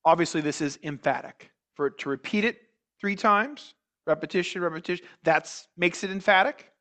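A man preaching a sermon as pastor, speaking in a measured way with frequent restarts, repeated words and rhetorical questions to the congregation. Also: sits high, lively intonation, fairly bright tone.

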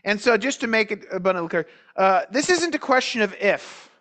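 A man preaching a sermon as pastor, speaking in a measured way with frequent restarts, repeated words and rhetorical questions to the congregation. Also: high voice, animated, fairly bright tone.

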